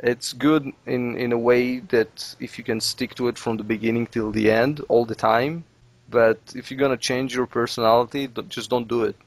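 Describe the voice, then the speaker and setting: A man's voice: mid-range voice, level tone, normal speed, no room sound. Dry-sounding man, native Russian speaker. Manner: rambling, repeats words while talking. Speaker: let's play creator, guest. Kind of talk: casual podcast chat.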